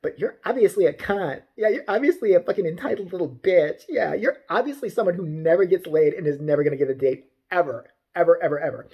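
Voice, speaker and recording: A man putting on a shrill, entitled angry woman. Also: expressive, darkish tone, husky, exaggerated voice. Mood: demanding. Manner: whiny, indignant, drawn-out.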